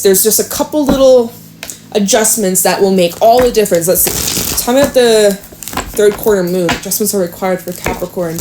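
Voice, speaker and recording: A woman's voice: medium pitch, background noise. Chatty woman giving a frank tarot reading. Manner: chatty, frank, swears and laughs often. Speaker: tarot reader. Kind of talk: casual tarot reading to camera.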